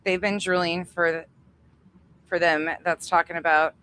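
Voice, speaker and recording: A woman with a somewhat low voice hosts a casual livestream. Her talk is loose and profane, and she laughs easily as she thanks members by name. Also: flat delivery, fairly bright tone, slight background noise. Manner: chatty, profane, quick to laugh. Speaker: livestream host.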